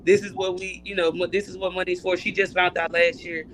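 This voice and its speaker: A woman's voice: lowish voice, fairly quick, a little hiss or hum, rough recording. A woman from Louisiana, a mother telling stories as a guest in a casual chat. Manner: animated storyteller, laughs while telling.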